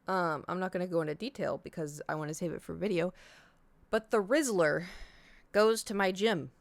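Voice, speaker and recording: A woman's voice: fairly low pitch, normal speed, no room sound. A young adult woman streamer telling a rambling, self-interrupting story to her chat in a casual way. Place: home.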